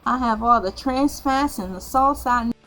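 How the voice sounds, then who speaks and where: A woman's voice: on the high side, normal speed, a bit bright, faint music behind. A woman hosting her vlog, rambling and joking in a playful casual monologue. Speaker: vlog host.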